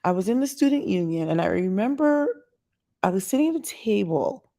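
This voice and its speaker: A woman telling a story on her vlog in a chatty, animated way, quoting the people she met. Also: mid-range voice, normal speed. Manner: chatty, animated retelling with quoted asides. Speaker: vlogger. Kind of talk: casual storytelling monologue.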